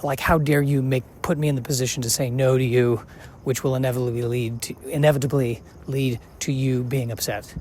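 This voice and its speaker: A man in his forties talks casually to himself on a walk, circling back to his own questions and stumbling over restarts. His voice sits at an ordinary middle pitch, and faint outdoor noise hums behind him. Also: flat delivery, a little mellow. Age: 40s. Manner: musing, self-questioning, halting with restarts. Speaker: podcast host. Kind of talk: casual rambling monologue while walking outside. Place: outdoors, walking on a sidewalk.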